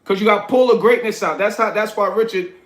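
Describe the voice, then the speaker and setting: A man's voice: high-pitched, quick pace, roomy sound. A man with a New York accent hosting a casual livestream, reading viewers' comments aloud and coaching them bluntly. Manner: reads chat aloud, coaching and scolding viewers. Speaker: livestream host.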